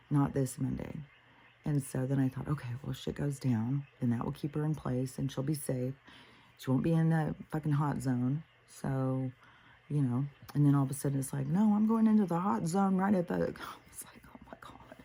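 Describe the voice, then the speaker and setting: An older woman with a low, gravelly voice that has a husky, mellow edge. She rants in a casual monologue, swearing freely and acting out what she and others said. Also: rough recording. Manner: profane, ranting storyteller; animated, quotes herself and others. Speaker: host.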